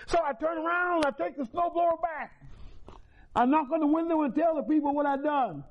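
High-voiced man giving testimony. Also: fairly quick. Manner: folksy, repetitive storytelling with chuckles. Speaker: recovery meeting speaker. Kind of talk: personal testimony. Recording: dull lo-fi recording.

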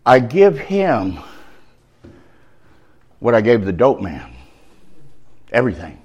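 Brief: a fiery preacher, lively and wide-ranging pitch, slangy, shouts then drops to a hush. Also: male voice, slow pace, husky, muffled recording. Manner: animated, swinging from shouts to near-whispers; slangy, street-talk phrasing. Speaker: preacher giving testimony. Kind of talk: sermon.

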